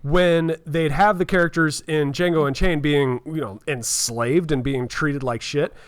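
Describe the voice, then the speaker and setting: Casting: male podcast co-host, slightly high voice, dry close sound, earnest and agreeable. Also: steady tone, clean tone, no echo. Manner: earnest, quick to agree, acts out character lines. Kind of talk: casual podcast chat.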